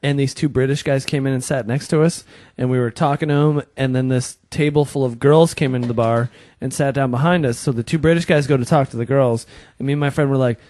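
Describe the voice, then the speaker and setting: A man's voice: medium pitch, fairly even intonation, quick pace, hardly any pauses, darkish tone, no room sound. A man, telling a funny story as a radio co-host. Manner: jokey anecdote teller. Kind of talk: radio interview chat. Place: radio studio.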